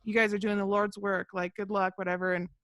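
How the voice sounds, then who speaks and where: A woman's voice: medium pitch, flat delivery, fast, fairly bright tone, no echo. Young woman, casual podcast chat, laughs often, lots of fillers, dry close sound, video call mic. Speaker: podcast co-host.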